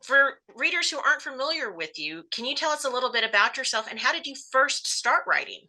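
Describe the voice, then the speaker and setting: A woman's voice: sits high, expressive, quick pace, pushed and bright, low-quality recording. A woman hosting a book club interview on a video call, asking questions in an upbeat way. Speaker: interviewer host.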